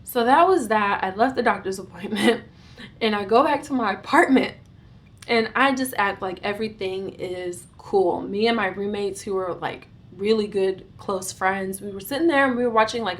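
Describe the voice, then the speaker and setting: A young adult woman vlogger telling a storytime, recounting events in an animated, dramatic way with bursts of giggling. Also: medium pitch, normal speed. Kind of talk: storytime vlog.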